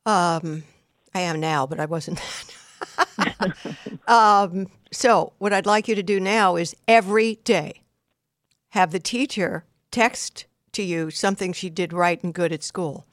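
A woman's voice: on the low side, takes it slowly, no room sound, clean studio sound. An older woman hosting a call-in advice show, giving blunt, direct instructions in numbered steps. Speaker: radio advice host.

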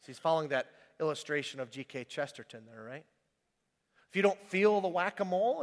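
A man preaching a sermon, animated and emphatic, sometimes rising to a shout and then dropping back to quiet reading. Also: fairly high pitch, brisk. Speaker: pastor. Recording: long hall reverb.

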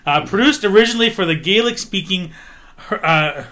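Loud, bright-voiced man. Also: high-pitched, expressive, moderate pace. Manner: loud, self-described loudmouth. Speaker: podcast co-host. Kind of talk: casual banter over drinks.

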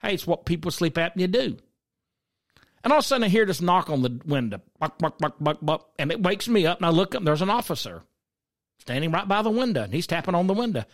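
A middle-aged podcast host from South Carolina talks fast in a high-pitched voice with big swings in pitch. He offers opinionated commentary conversationally, asking listeners questions and slipping in storytelling asides from his own life.

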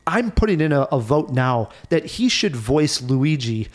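A man hosting a casual film review podcast, animated and laughing often as he recounts scenes. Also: on the high side, measured pace. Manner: animated, laughs often, mimics actors' voices. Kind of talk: casual movie review chat.

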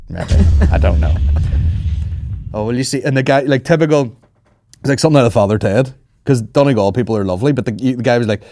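A man's voice: mid-range voice, animated, a little fast, pauses often, mellow, dry recording. A man on a podcast, telling rambling, sweary anecdotes in casual banter. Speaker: podcast co-host.

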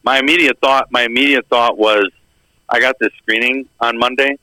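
A man's voice: medium pitch, steady tone, moderate pace, bright, forceful tone, dry recording, low-quality recording. A middle-aged man on a podcast telling a long story in a casual, rambling way, acting out the lines of the people in it. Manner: rambling, acts out quoted dialogue. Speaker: podcast co-host.

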